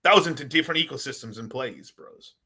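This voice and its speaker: Guy ranting to cam, bright sharp voice, cusses a ton, rambles and laughs, mid pitch. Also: fast, husky. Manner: rambling, swears a lot, laughs often. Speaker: crypto video host. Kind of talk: casual profane rant to camera.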